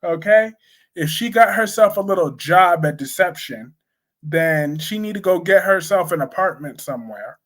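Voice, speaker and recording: A man's voice: sits high, expressive, moderate pace, fairly bright tone. A man giving blunt, opinionated soap opera commentary in a casual live-stream chat, reading and answering viewers' comments. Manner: blunt, opinionated, repetitive emphasis.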